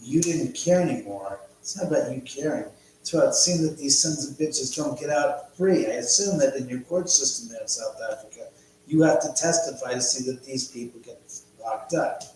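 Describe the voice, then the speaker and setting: A man's voice: mid-range voice, normal speed, darkish tone, very echoey, slight background noise, rough recording. A man hosting a casual live stream from his home, rambling, muttering to himself and swearing often. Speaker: livestream host.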